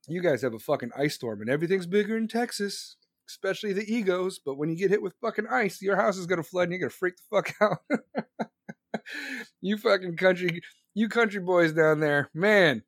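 A man rants in a loose, crude and sarcastic way, drifting from one tangent to the next. His voice sits a bit high for a man, and the recording is dry and close with no room sound. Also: dry recording. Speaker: live-stream host. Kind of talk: casual profane rant.

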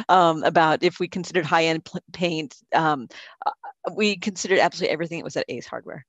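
A man's voice: a little high, quick pace, gravelly, fairly bright tone, no room sound. A man co-hosting a podcast in casual chat, talkative, swearing and laughing easily. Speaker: podcast co-host.

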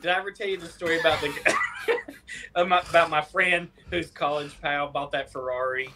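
A man spinning a jokey story on a casual stream, his voice bright and a touch high. He talks loosely, like a friend telling a tale. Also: steady tone, slight background noise. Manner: joking storyteller, quick to laugh. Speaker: podcast co-host. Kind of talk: casual movie chat with jokey anecdotes.

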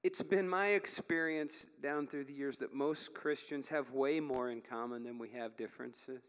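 A male pastor preaching a sermon, telling stories with growing animation and near shouts at the peaks. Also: medium pitch, fairly even intonation, moderate pace, smooth, long reverb tail, muffled recording.

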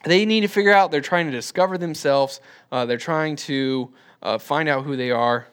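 A young man in his twenties with a somewhat high voice gives a casual church lesson. He talks loosely and rambles, with plenty of "uh"s and restarts. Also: normal speed, fairly bright tone, clean tone. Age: 20s. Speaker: church teacher. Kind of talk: casual classroom talk.

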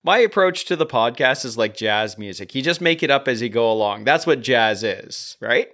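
Male co-host, mid pitch, wisecracking and casual. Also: lively intonation, a bit bright. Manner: joking, quick with fillers. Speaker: podcast co-host. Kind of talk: casual chat.

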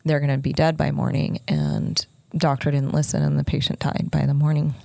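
A woman's voice: deep voice, little pitch movement, gravelly, mellow, no echo. A middle-aged woman telling a personal story in casual podcast talk, retelling the conversations at length. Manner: fast, breathless retelling with lots of quoted dialogue.

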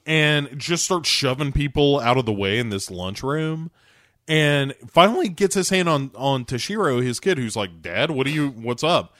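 A man's voice: mid-range voice, no room sound, clean studio sound. A man co-hosting a podcast, casually recapping a TV episode and acting out the characters' lines with lots of swearing. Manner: animated, acts out characters' lines in bursts, swears freely. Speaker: podcast co-host recapping a TV show. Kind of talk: casual chat.

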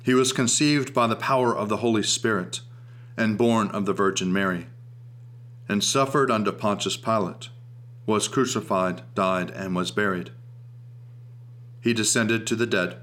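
A man giving a steady, reverent recitation of prayers and a devotional reading in a liturgical service. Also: lowish voice, moderate pace, long pauses.

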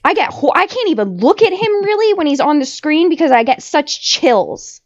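A woman's voice: sits high, big pitch swings, normal speed, lo-fi sound. A woman co-hosting a podcast in casual chat, ranting heatedly with constant swearing. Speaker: podcast co-host.

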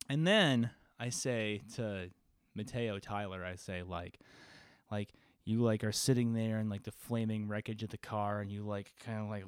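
A man with a lowish, fairly bright, clean voice talks at normal speed in a clean studio recording with no room sound. A game master, he rambles through a tabletop session recap in casual podcast chat, swearing and saying "like" constantly.

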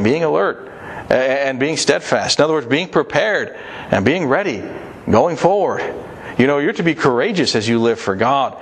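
Male preacher, middle pitch, earnest exhortation, faint hiss behind. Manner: earnest, repetitive exhortation with scripture readings. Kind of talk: sermon.

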